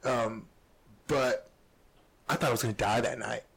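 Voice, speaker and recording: A man's voice: mid-range voice, steady tone, a little slow, gravelly, crowd noise. A man co-hosting a podcast, talking in a laid-back casual way and swearing freely. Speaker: podcast co-host. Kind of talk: casual chat.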